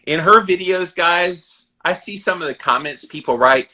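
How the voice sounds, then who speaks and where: Bright-voiced Southern man hosting. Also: fairly high pitch, unhurried. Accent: Southern American. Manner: animated, earnest, advice-giving. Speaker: podcast host. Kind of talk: conversational interview.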